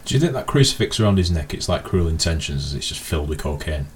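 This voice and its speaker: A man's voice: extremely low pitch, big pitch swings, quick pace, slight background noise. A man co-hosting a podcast in casual chat, making dry joking asides. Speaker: podcast co-host.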